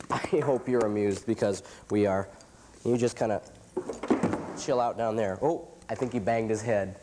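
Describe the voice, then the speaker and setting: A man with a stuffed-up nose hosting a campy comedy TV show, making dark jokes with chuckling asides. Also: mid-range voice, slight background noise. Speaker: host.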